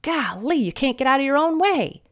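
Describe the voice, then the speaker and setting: Woman, sarcastic commentator, slightly high voice, lecturing tone, a bit sniffly. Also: big pitch swings, moderate pace. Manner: mimics opponents in shrill voices. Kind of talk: political commentary monologue.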